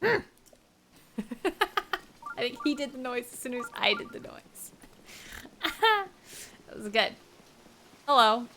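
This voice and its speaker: A woman's voice: high-pitched, sing-song, takes it slowly, pauses often, noisy background. A woman streaming a video game, chatting casually with playful, laughing asides. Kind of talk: casual gameplay commentary.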